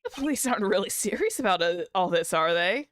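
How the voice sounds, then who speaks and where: A woman's voice: mid-range voice, lively intonation, fairly quick, a little hiss or hum. A woman streamer chatting casually as she plays, rambling, joking and swearing now and then. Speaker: VTuber streamer. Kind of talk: casual game commentary.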